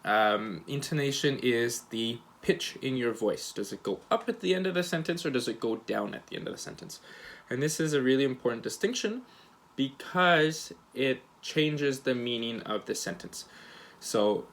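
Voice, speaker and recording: Male teacher, mid-pitched voice, casual recorded grammar lesson, lots of ums and restarts, demonstrates intonation on examples. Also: unhurried. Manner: relaxed, hesitant, many fillers and restarts; acts out example questions with rising and falling intonation. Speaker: English teacher.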